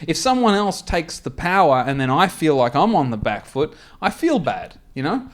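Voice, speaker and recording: Man, Australian accent, comedy podcast host, crude and sweary, animated storytelling, slightly high voice. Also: moderate pace.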